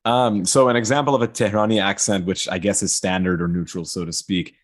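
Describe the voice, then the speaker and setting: A man with a very low voice joins a video call to give an example. He explains hesitantly, pausing with fillers between phrases. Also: fairly even intonation. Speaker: participant giving an example.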